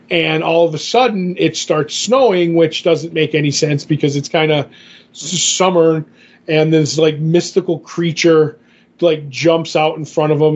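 A man's voice: fairly high pitch, highs cut off. A man co-hosting a podcast, retelling a comic story in a rambling way, full of fillers and paraphrased dialogue. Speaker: podcast co-host. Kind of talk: casual comic book podcast recap.

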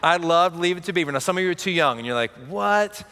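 A man's voice: fairly high pitch, rapid-fire, pushed and bright, long reverb tail. A man in his thirties preaching a sermon, with a conversational delivery full of "right?" asides. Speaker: pastor.

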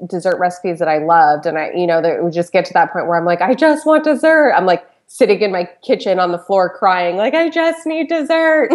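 Chatty woman, low-pitched voice. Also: darkish tone. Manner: chatty storyteller, lots of "like". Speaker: podcast guest, food blogger. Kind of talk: casual chat.

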